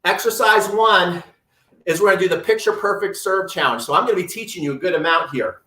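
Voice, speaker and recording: A man's voice: high voice, a little fast, bright, forceful tone, roomy sound, distant mic. A man coaching tennis drills and exercises during a live home workout, upbeat and talking while he moves. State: breathing heavily at times. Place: room at home.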